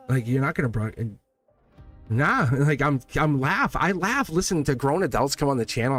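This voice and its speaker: A man in his forties hosting a live tarot stream, talking in an emphatic, rambling way and laughing between points. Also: medium pitch. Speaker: tarot reader and livestream host.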